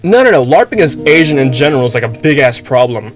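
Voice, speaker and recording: A man's voice: medium pitch, sing-song, quick pace, faint music behind. A man from the Philippines with an American-sounding accent, giving casual, rambling let's-play commentary and swearing freely. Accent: American-sounding English. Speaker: streamer playing a game.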